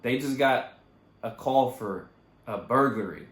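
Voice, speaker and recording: A man's voice: medium pitch, unhurried. Young man telling a story in an echoey room. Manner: loose, profane, animated retelling. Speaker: vlogger. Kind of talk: casual storytelling.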